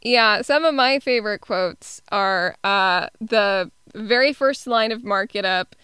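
A woman co-hosting a podcast, chatting casually about a film and pausing often with ums. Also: medium pitch, clean tone, dry recording, studio quality. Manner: relaxed, hesitant with many ums. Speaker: podcast co-host. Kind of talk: casual film review chat.

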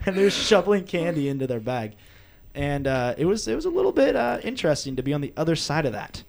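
Young male host, slightly high voice, animated storyteller who slips into character voices. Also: brisk. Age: young adult. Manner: animated storyteller, mimics voices with big jumps in pitch. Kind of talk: casual chat.

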